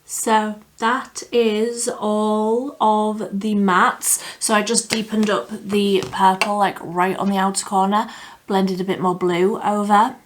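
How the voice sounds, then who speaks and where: Young woman doing a makeup tutorial, slow easy talk, chatty, laughs at herself. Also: medium pitch, flat delivery, slight background noise. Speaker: beauty vlogger. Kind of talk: casual makeup tutorial chat.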